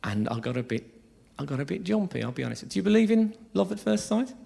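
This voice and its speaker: A man tells a stand-up story on a theatre stage. His pitch jumps about a lot and his voice has a gravelly edge. The room around him is a live theatre, and there is crowd laughter behind him. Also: fast talker. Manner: lively, rambling, swearing storyteller. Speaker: stand-up comedian. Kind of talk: stand-up comedy set.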